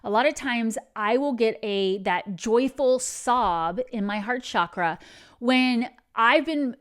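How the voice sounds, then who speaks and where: A woman's voice: a little high, slow. A woman hosting a spiritual advice channel, talking in an earnest, meandering way that drifts into digressions.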